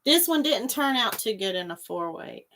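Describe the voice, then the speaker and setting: A woman's voice: fairly high pitch, big pitch swings, moderate pace, fairly bright tone, slight background noise. A woman hosting a casual livestream, chatting in a rambling way and reading out viewer comments. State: coughing after choking on water. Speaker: livestream host. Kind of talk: casual chat with live viewers.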